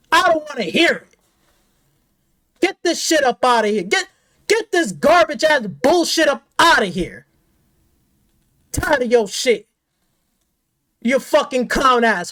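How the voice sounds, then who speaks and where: A woman's voice: high voice, a bit bright. A woman gaming commentator delivering an angry, profane, confrontational rant.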